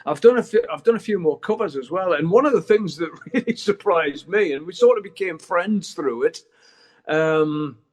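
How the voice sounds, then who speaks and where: Middle aged guy in an interview, kinda high voice, rambling and swearing casually. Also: expressive, normal speed. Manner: rambling and candid, swears freely. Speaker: guest musician.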